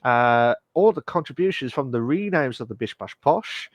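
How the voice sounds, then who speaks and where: A man's voice: mid-range voice, expressive, moderate pace, no room sound. Man wrapping up a podcast. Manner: rambling, thanks the chat often. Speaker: podcast co-host. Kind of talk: casual chat.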